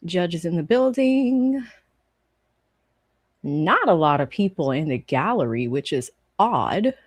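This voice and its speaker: A woman's voice: on the low side, lively intonation, slow pace, no room sound, clean studio sound. A woman hosting a live stream, chatting casually and profanely, rambling through anecdotes before turning to trial commentary.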